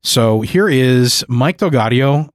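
A male podcast host talks earnestly in casual chat, wandering through his thoughts with plenty of fillers. His voice sits at a middle pitch. The recording is close and dry. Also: expressive, takes it slowly, no room sound. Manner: earnest, rambling, with many fillers. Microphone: studio mic.

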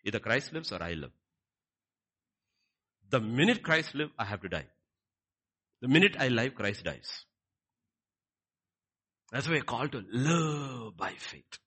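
A man preaching a sermon, swinging between quiet lines and loud, emphatic ones. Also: medium pitch, lively intonation, a little slow, pauses often, husky. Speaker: pastor.

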